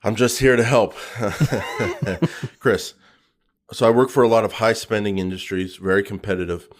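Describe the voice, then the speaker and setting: Lower voiced guy cohosting a podcast, jokey and teasing, casual chat. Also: steady tone, unhurried. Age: adult with a young son. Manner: joking, teasing, playful banter. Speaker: podcast co-host.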